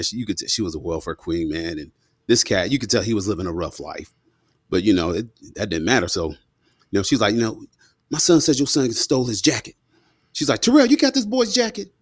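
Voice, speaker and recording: Recorded in a studio with clean sound and no echo, a man in his thirties with a lowish voice guests on a podcast. He spins casual stories full of slang and animatedly performs the quotes as part of the interview.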